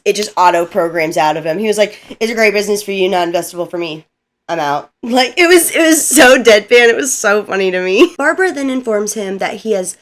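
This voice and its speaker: A woman hosting a casual recap video, chatty and lively, laughing often as she talks. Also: mid-range voice.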